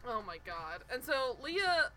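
A woman's voice: high-pitched, very animated, measured pace, bright, forceful tone, a little hiss or hum, rough recording. A woman co-hosting a podcast, chatting casually and animatedly as she recaps a show, swearing and mimicking people. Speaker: podcast co-host.

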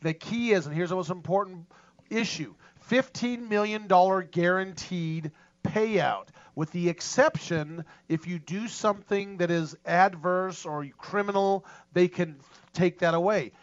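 A man with a high voice hosts the panel and tells the story in a brisk, emphatic manner. The recording has a dull, lo-fi tone. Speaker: show host. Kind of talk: legal discussion panel.

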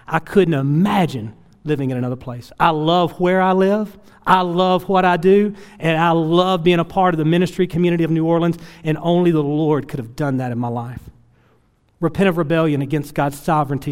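A middle-aged man with a high, smooth, resonant voice preaches a sermon. He tells his story earnestly, rising loud and then dropping to a hushed, tearful tone. His voice rings with the long reverb of a church hall. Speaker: pastor.

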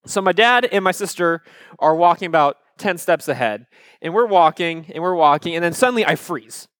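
A man with a fairly high voice tells a personal story to an audience. He is conversational and animated, slipping in fillers and asides to the crowd. The sound is dry and close, with no room echo. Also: fairly quick. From Iowa, USA. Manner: animated, acts out his own childhood panic. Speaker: speaker addressing a live audience.

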